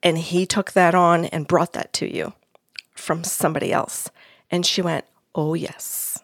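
A woman's voice: fairly low pitch, steady tone, unhurried, vocal fry, no room sound, studio quality. Woman medium retelling a reading. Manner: retells a reading in quoted dialogue. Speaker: psychic medium. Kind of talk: casual storytelling chat.

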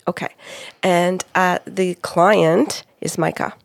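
A woman's voice: fairly low pitch, slow, gravelly, no room sound, studio quality. A middle-aged woman co-hosting a talk show, animatedly telling the story of a reading and quoting the people in it. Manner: animated, quotes spirits and clients, laughs often. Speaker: psychic medium, co-host.

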